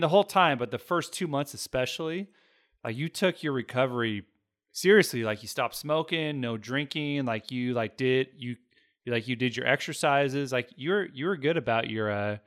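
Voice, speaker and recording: Man, physical therapist, casual chat, bright tone, mid pitch, quick interjections. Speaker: physical therapist, podcast co-host.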